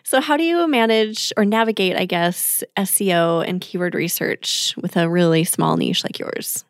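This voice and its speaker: A woman's voice: lowish voice, normal speed, dry recording, clean studio sound. A woman podcast host who asks questions and sums up her guest's points in an encouraging way. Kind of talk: conversational interview.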